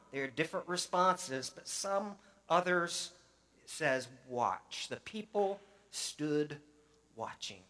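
A man's voice: a little high, lively intonation, slow pace, pushed and bright. A man preaching as pastor, reading scripture earnestly and breaking into conversational asides.

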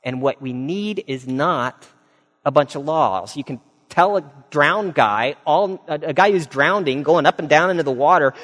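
A male pastor delivers a sermon in a mid-range, fairly bright voice at a normal pace, with the long reverb of a large hall around him. He preaches conversationally, telling stories with touches of humor and casual fillers.

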